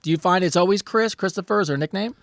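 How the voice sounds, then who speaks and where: High-voiced man hosting a chat show. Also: fast, a bit bright, no echo, studio quality. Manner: playful, rambling, reads listener letters aloud. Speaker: podcast co-host. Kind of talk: casual chat.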